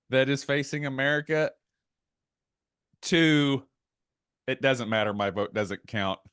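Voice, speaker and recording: A man's voice: on the high side, fairly bright tone, clean tone, dry recording, studio quality. A man co-hosting a casual podcast, talking animatedly and getting worked up, with asides and quoted bits. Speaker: podcast co-host. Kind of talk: casual chat.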